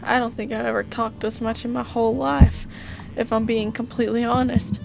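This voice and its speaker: Tired Southern-accented woman, gravelly voice. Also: a little high, level tone, fairly quick, background noise. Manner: chatty, thinks aloud, swaps in mild cutesy cursing. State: tired, voice wearing out. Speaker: gaming channel host. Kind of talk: casual let's-play commentary.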